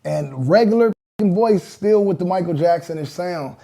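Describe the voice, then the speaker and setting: A man's voice: high voice, lively intonation, normal speed, gravelly, mellow. A man, a rapper, casually telling a story in an interview, loose and chatty with lots of acted-out quotes.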